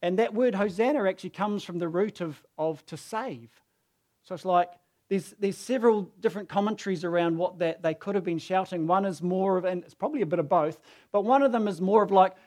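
A man's voice: high-pitched, brisk, a little mellow. A man preaching a sermon who tells the story casually and acts out the quoted voices.

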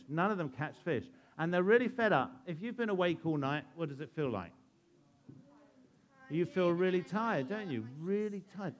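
Lively man telling a Bible story. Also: fairly high pitch. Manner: asks the listeners questions and plays out the scenes. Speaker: church storyteller for children. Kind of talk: animated Bible storytelling to a young audience.

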